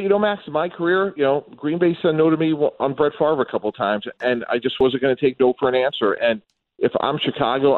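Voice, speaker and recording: A man speaking as a football analyst guest on a radio show, in a measured, analytical way. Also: mid-range voice, no room sound. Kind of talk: sports radio talk. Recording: tinny phone-line sound.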